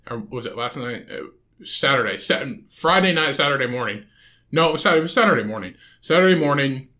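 A man rants through a solo podcast episode. His voice is bright and forward, and he drifts from story to story, swearing freely and casually the whole way. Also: medium pitch. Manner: profane, rambling, swears constantly. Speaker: podcast host.

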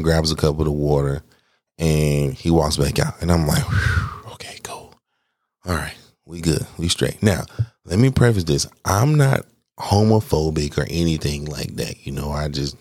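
Man, very low voice, casual anecdote, animated storytelling, slang and swearing, dry recording. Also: no room sound. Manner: animated, slangy, swears, addresses listeners as y'all; acts out quoted lines in a raised voice.

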